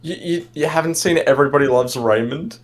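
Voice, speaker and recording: A man's voice: a little high, brisk. A man in casual chat on a stream, joking, swearing and laughing often.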